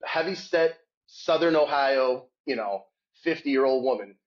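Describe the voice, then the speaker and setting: A man telling a rambling, animated sports story in a casual podcast chat. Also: unhurried. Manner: animated, shouts quoted hecklers in a high voice. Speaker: podcast guest. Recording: dull lo-fi sound.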